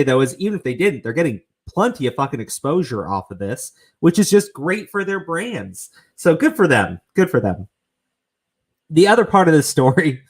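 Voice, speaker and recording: Brief: male stream host, lively pitch swings, rambling, swears freely. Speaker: show host. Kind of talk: casual commentary stream.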